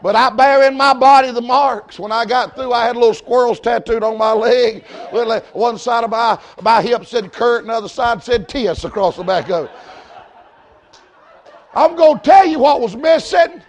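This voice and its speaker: Man, Southern US accent, preacher, folksy sermon storytelling, emphatic, bursts of shouting, high voice. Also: steady tone, normal speed, few pauses. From Georgia, US.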